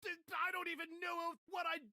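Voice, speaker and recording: Ranting game voice actor, put-on British accent, high voice, very bright. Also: female voice, monotone, normal speed, full character voice. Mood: furious. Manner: ranting, sarcastic outbursts. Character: exasperated game voice actor quitting mid-recording. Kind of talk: game cutscene voice acting. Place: recording studio.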